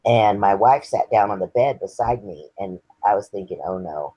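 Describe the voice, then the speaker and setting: A man's voice: on the low side, normal speed, dark tone, slightly rough, no echo, low-quality recording. A man, earnestly sharing his personal story as an interview guest. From Texas. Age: 50s. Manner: earnest, candid and reflective.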